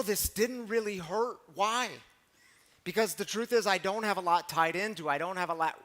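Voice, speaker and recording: A man's voice: high voice, sharp tone. A male pastor from Missouri giving a conversational, storytelling sermon to his congregation, with asides to the listeners.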